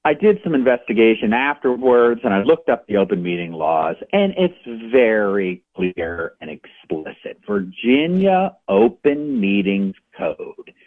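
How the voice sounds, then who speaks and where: A husky man speaks over a thin, tinny phone line as a guest on a radio show. His pitch rises and falls with indignant energy as he recounts what happened. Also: unhurried. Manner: animated storytelling, indignant. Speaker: independent journalist guest. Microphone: telephone.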